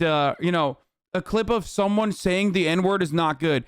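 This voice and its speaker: A high-pitched man with a clean tone and unhurried delivery streams a heated rant reacting to clips and chat. Profane, sarcastic, and exasperated, he swears freely and mocks his critics.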